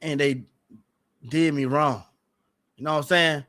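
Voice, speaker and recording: A man's voice: a little high, fairly even intonation, unhurried, fairly bright tone. Rambling, slangy man on a livestream. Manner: rambling, repeats himself, slangy; aggrieved, earnest. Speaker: streamer guest. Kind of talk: casual livestream talk.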